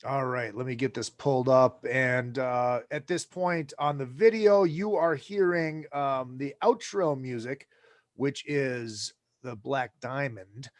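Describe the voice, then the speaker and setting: A man's voice: mid-range voice, slow, no room sound. A man hosting a podcast in a loose, off-the-cuff way, swearing casually as he talks. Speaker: podcast host.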